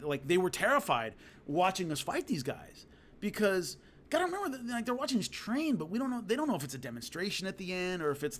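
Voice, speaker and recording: A middle-aged man telling a casual story, animated and acting out hits with loud sound effects. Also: on the high side, slight background noise. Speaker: combat sports commentator telling stories.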